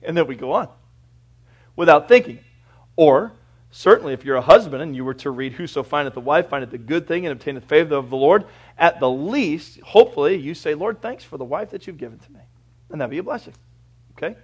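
A male pastor preaching a sermon in a church, folksy and conversational, swinging between quiet reflection and loud, lively bursts. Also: on the high side, fairly quick, breathy edge. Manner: folksy, conversational preaching with everyday examples and asides.

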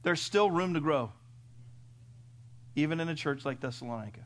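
A middle-aged man preaching a sermon in a folksy way, firing off rhetorical questions and swinging from loud to hushed. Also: on the high side, expressive, normal speed. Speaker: pastor.

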